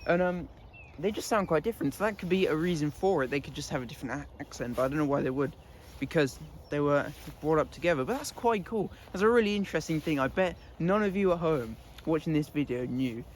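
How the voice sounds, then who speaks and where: A man's voice: a little high, lively intonation, fast talker, a little hiss or hum. Chatty man talking outdoors. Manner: chatty, laughs often, scolds his goats. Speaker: vlogger. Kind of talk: casual vlog talk. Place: outdoors in a goat pen.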